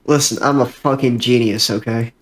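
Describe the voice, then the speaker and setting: A man in a tabletop game, joking loudly and cursing freely. His voice sits at an ordinary pitch. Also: fairly even intonation, normal speed. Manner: boisterous, swears a lot. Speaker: player. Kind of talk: casual tabletop banter.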